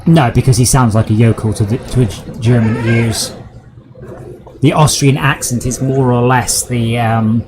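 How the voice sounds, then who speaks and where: Streaming a game, this Devon man talks and jokes casually, wandering off onto tangents in his broad West Country accent. He speaks a little slowly in a steady, medium-pitched voice with a darkish tone, over slight background noise.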